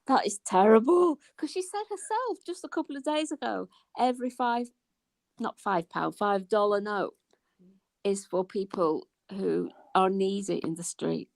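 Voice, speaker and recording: A woman's voice: mid-range voice, expressive, unhurried, gravelly, dry recording. A woman, a guest on a live chat show, talking in an exasperated way and swearing freely. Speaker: guest commentator. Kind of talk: casual live-stream chat.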